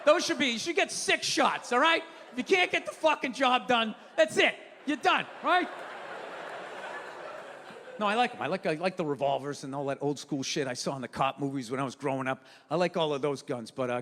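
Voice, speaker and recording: A male comedian does his stand-up routine on a handheld mic, ranting and swearing his way through stories. His voice sits very high and cuts bright and forceful. The stage sound has a long hall reverb and faint room noise. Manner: profane, ranting, storytelling.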